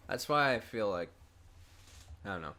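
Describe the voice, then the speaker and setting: A man's voice: lowish voice, lively intonation, normal speed, sharp tone. A man co-hosting a casual podcast, talking loosely with fillers and restarts. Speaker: podcast co-host. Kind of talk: casual chat.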